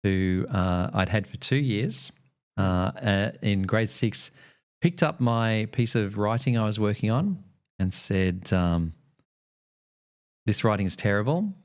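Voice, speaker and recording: A man's voice: fairly low pitch, slow pace, smooth. An Australian man streaming, chatting casually and telling a meandering story full of ums and uhs.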